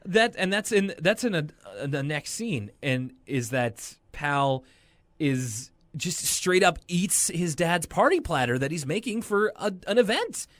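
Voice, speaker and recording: A man's voice: fairly high pitch, sing-song, unhurried, fairly bright tone, dry recording. A man co-hosting a podcast in casual chat, rambling and retelling cartoon scenes. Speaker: podcast co-host.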